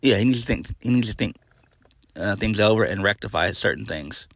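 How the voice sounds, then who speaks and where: A man's voice: on the low side, brisk, gravelly, fairly bright tone, no echo. A man giving a casual solo review of a wrestling show, blunt and exasperated, swearing freely and trailing off into fillers.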